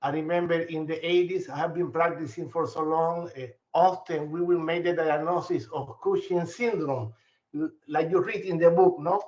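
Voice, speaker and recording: An older physician with a Spanish accent gives a long comment, hesitating often with fillers and restarts. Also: male voice, fairly high pitch, fairly even intonation, moderate pace, a little mellow. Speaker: physician asking a question. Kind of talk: audience comment at grand rounds. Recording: echoey room, muffled lo-fi audio.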